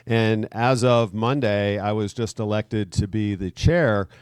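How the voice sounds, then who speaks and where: A man, a state legislator, gives an upbeat, earnest political speech at a brisk pace. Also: fairly low pitch, clean tone, no echo.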